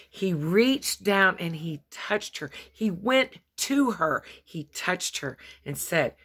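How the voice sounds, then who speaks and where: A woman's voice: lowish voice, animated, slow, few pauses, a bit bright. A woman giving a short devotional sermon, telling a story earnestly and acting out its voices. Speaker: preacher.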